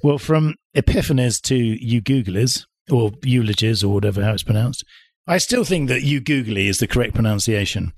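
A man hosting an interview podcast, quizzing his guest playfully with quick questions and small laughs. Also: medium pitch, expressive, dry recording, studio quality. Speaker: podcast host.

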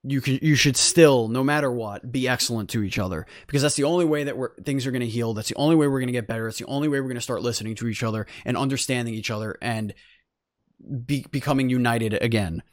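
An earnest man hosts a podcast and wraps up the episode, circling back on his words with plenty of fillers. His voice sits in a middle pitch. The sound is dry and close, with no room echo. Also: fast talker. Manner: earnest, rambling with restarts and fillers. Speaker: podcast host. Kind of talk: casual sign-off chat.

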